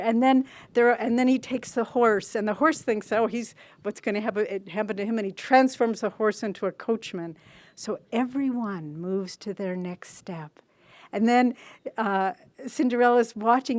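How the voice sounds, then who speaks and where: A woman in her sixties giving a devotional talk as a spiritual teacher, telling a story in a gently earnest way. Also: mid-range voice, no echo.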